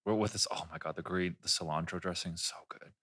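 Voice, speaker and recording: A man's voice: sits low, fairly even intonation, fast talker, pushed and bright. A man hosting a podcast, telling a story in casual chat, rambling and swearing, with lots of restarts. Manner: rambling, profane, full of restarts. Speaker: podcast host.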